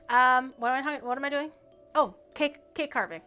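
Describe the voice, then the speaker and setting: A woman's voice: fairly high pitch, moderate pace, pauses often, pushed and bright, smooth, soft background music. A woman streamer chatting casually with her viewers while baking in her kitchen, playful and teasing as she reacts to chat. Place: home kitchen.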